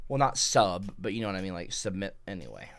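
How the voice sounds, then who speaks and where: A man livestreaming through a headset, exasperated, swinging between mumbling and shouting at his chat. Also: deep voice, big pitch swings, quick pace. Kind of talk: livestream rant.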